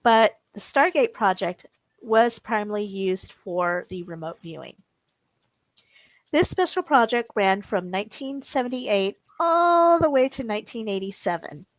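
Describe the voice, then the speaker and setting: A woman's voice: mid-range voice, dry recording, low-quality recording. A woman co-hosting a podcast, reading prepared notes with small stumbles and self-corrections. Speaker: podcast co-host.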